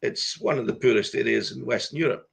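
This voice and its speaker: A Scottish man, a guest politician, talking in a political interview over a video call, hesitant and halting with repeated words. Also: medium pitch, creaky, a bit bright, breathy edge. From Scotland.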